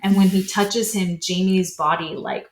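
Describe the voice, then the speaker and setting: A woman's voice: mid-range voice, fairly even intonation, moderate pace, slight background noise. A young woman co-hosting a podcast, casually recapping a scary story with lots of "like"s and acted-out lines. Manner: retells a story casually with many "like"s, acting out lines. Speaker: podcast co-host. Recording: echoey room.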